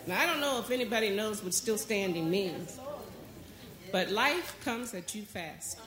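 A woman preaching a sermon as a guest speaker in church, calling out to the congregation and building toward near shouting. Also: medium pitch, lively intonation, a little slow, crowd noise. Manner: call-and-response preaching, rising to near shouting. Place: church sanctuary. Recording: echoey church hall.

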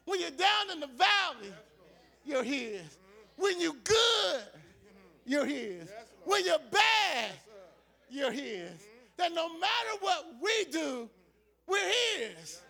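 A preacher man with a very high, bright voice, shouting his sermon in slow, drawn-out waves. His tone is gravelly and sharp, and he keeps repeating lines back at the congregation. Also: very animated. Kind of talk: shouted call-and-response sermon.

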